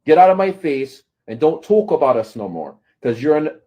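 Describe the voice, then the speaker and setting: In a confrontational rant to camera, a commentator scolds and taunts his critics, often asking "right?". His mellow voice sits on the high side, very animated, at a normal speed.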